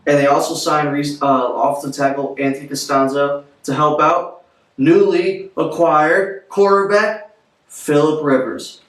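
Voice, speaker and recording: A man giving blunt, offhand, opinionated football commentary in a vlog. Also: a little high. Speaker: sports vlogger. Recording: roomy echo, distant from mic.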